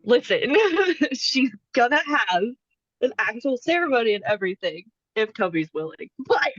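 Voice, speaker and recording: A woman tabletop game player, playful and quick to laugh. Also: a little high, big pitch swings, a bit bright, no room sound, faint music behind. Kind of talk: casual play and chat. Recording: dull, lo-fi, dry.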